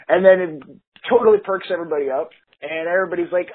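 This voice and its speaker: A man's voice: high-pitched, steady tone, normal speed. A man co-hosting a casual comedy podcast, rambling through a silly story with lots of fillers and laughs. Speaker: podcast co-host. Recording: tinny phone-like sound, faint hiss.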